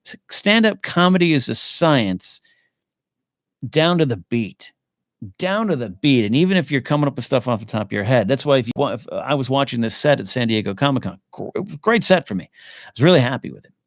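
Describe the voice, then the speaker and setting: A man's voice: medium pitch, expressive, quick pace, dry recording. Rambling male podcast host, dry sound. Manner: rambling, thinking aloud with restarts; answers chat questions as he goes. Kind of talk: casual live-stream chat.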